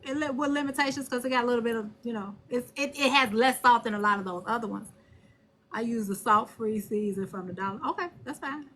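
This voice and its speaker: A woman hosting a live stream and talking on her phone, blunt and animated, cursing freely. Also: on the high side, brisk. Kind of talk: casual live stream chat.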